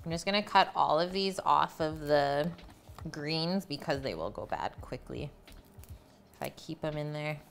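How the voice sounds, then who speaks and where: A woman's voice: low-pitched, measured pace, vocal fry, slight background noise. A woman cooking on a live stream, chatting with viewers and coaxing her pets in a sing-song voice. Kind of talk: casual chat while cooking.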